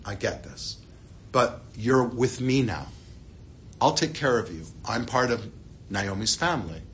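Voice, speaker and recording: A man quoting a generous, protective male landowner in a soft, reassuring way as part of a scripture lesson. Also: medium pitch, lively intonation, unhurried, slight background noise, voice pushed down, lightly acted.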